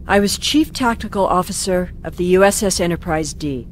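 An actress voicing a resolute female starfleet security officer in a video game, speaking in an earnest, steady way. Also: lowish voice, normal speed, a little hiss or hum, lightly acted. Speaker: game character.

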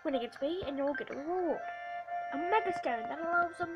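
A courteous young pokémon trainer with a put-on British accent and a formal, genteel way of issuing a challenge, as a woman puts him on. The voice sits high. Game music plays behind. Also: a little fast, muffled recording, lightly acted. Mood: courtly challenge.

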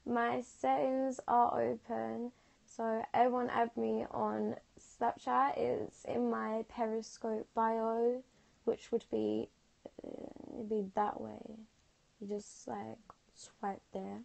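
Slow, gravelly young woman. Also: fairly high pitch, level tone, darkish tone. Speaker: livestreamer. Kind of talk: casual livestream chat reading comments. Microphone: phone livestream.

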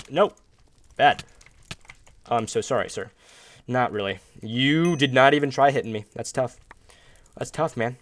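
A man hosting a gaming video, chatting casually and upbeat while he plays, with sudden loud outbursts and playful groans. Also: mid-range voice, measured pace, long pauses. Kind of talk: casual gameplay commentary.

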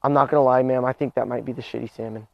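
A man's voice: mid-range voice, fairly even intonation, vocal fry. Confused-sounding young man, dull sound. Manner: halting, confused-sounding rambling with many fillers. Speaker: prankster. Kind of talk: prank video, acting confused.

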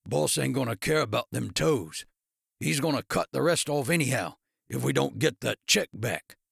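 A man's voice: mid-range voice, animated, normal speed, vocal fry, a bit bright, breathy edge, no echo, full character voice. A giant tattooed thug, as a male narrator puts him on, terse and grumbling. The delivery is close and dry, with little room sound. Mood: gruff.

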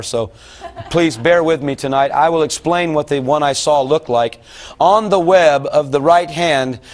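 A middle-aged man preaching a sermon about a dream, talking to his audience in a folksy, rambling way. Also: fairly high pitch.

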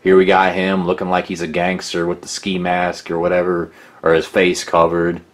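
A man with a deep voice talks through a critical documentary in a loose, rambling way. He is sarcastic and mocking, full of asides and restarts. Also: monotone, moderate pace. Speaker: documentary narrator. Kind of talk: casual critical commentary.

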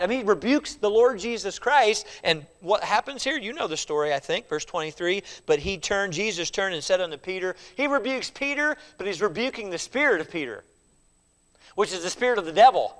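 A man teaching a Sunday school Bible study as pastor, acting out quoted lines with lively feeling and at times dropping to a quiet, confessional tone. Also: high-pitched, fairly quick. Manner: animated, acts out quoted speech.

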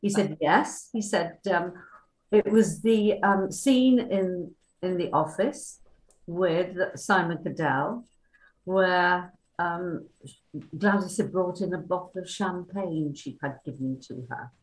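A woman's voice: lowish voice, slow. An older woman, a former cast member, chatting through anecdotes with lots of fillers and acted-out quotes. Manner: chatty, full of fillers, acts out quoted dialogue. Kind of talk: anecdotal reminiscing. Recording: roomy echo.

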